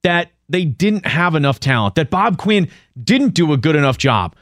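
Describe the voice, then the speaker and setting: A man's voice: a little high, very animated, moderate pace, fairly bright tone, no echo, studio quality. A man hosting sports talk radio, ranting in frustration.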